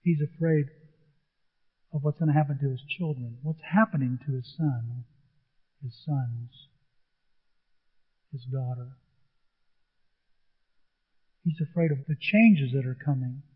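A man's voice: medium pitch, slow, pauses often, slightly rough. A middle-aged man preaching a sermon, earnest and emphatic, often repeating his point. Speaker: pastor. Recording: tinny phone-like sound.

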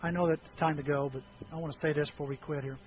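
Man, pastor, sermon, high-pitched, fiery shouting bursts, faint hiss. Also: steady tone, very fast. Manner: swings from quiet talk to impassioned shouting; acts out prayers and dialogue. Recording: dull lo-fi with faint noise.

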